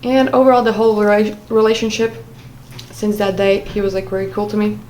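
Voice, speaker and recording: A woman's voice: mid-range voice, flat delivery, fairly quick, a little mellow, slight background noise, low-quality recording. Hesitant woman vlogger full of fillers. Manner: hesitant, many "like" fillers and self-corrections. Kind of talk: personal storytime vlog.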